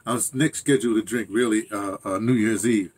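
Older man, low husky voice, casual rambling monologue, self-interrupting, chuckling asides. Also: fairly even intonation, fairly quick, a little mellow. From United States. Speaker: channel host.

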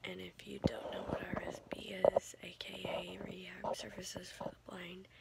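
A sleepy young woman whispering a rambling late-night vlog in a hushed voice, trailing off now and then. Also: on the low side, gravelly, low-quality recording. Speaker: vlogger.

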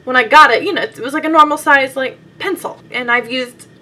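A young woman talks through her favorite beauty products in a loose, chatty vlog style. She laughs often and leans on "like" as she goes. Her voice is bright and forceful and sits a bit high. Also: brisk, slight background noise. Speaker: beauty vlogger. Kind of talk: casual makeup favorites vlog.

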